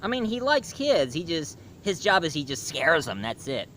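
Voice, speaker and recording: Bright-voiced rambling male reviewer. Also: fairly high pitch, big pitch swings, normal speed, a little hiss or hum. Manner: rambling plot retelling with fillers. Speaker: cartoon reviewer. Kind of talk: casual spoken review.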